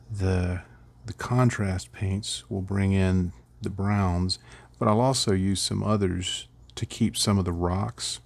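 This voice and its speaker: A man's voice: low-pitched, creaky, a little mellow. A middle-aged man casually rambling through a miniature painting tutorial, chuckling at his own slips.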